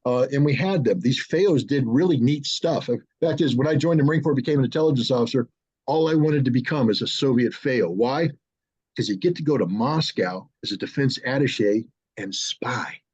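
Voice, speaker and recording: A man in his sixties, an interview guest, telling animated stories with frequent restarts and acting out what others said. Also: medium pitch, moderate pace, slightly rough. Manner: animated storyteller who acts out others' lines, with frequent restarts. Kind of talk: casual anecdotal storytelling. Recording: dull lo-fi audio.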